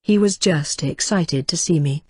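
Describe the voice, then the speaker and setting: A woman reading a novel aloud in first person, as a steady storytelling narration. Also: sits low, measured pace, husky, dry recording, studio quality. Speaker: audiobook reader.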